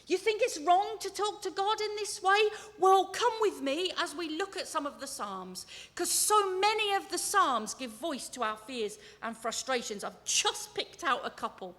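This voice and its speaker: A woman preaches in a church, her bright voice ringing out with a long reverb. She speaks slowly and earnestly, dropping low then rising to emphatic peaks. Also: big pitch swings. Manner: earnest, swings from hushed to emphatic. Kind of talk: sermon.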